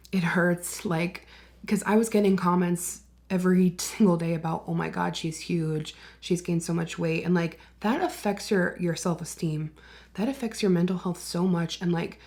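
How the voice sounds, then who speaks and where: A young woman talks straight to the camera in a relaxed get-ready-with-me chat while she does her makeup at home. She is chatty and candid and slips into soft whispers now and then. Her voice sits at an ordinary middle pitch. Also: vocal fry. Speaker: beauty vlogger.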